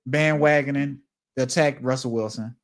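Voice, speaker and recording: A man's voice: medium pitch, fairly even intonation, normal speed. A man co-hosting a casual talk show, earnestly arguing his point and defending others. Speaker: podcast co-host.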